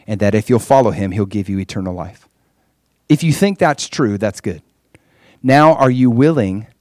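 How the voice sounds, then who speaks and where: A male pastor speaking earnestly and conversationally, at an ordinary middle pitch. He leads his listeners in prayer, and his voice is dry and close with no room sound. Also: darkish tone, dry recording. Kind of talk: sermon with guided prayer.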